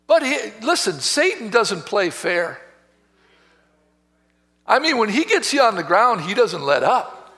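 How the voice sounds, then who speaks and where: A man preaching a sermon as pastor, telling a story with passion, swinging between hushed and loud. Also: sits high, very animated, a little slow, long pauses. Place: church sanctuary. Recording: reverberant church hall.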